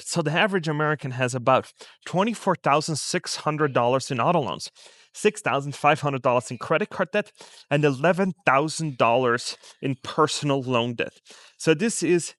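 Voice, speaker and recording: Outside a store in a shopping district, a man with a mid-range, slightly bright voice vlogs about personal finance, talking a little fast. The audio is clean studio sound with no room sound, and he chats conversationally with viewers, firing off rhetorical questions.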